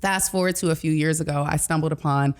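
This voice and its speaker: A woman's voice: low voice, steady tone, fast, clean tone. A woman from Detroit, a life coach, telling her story with passion on a casual podcast interview.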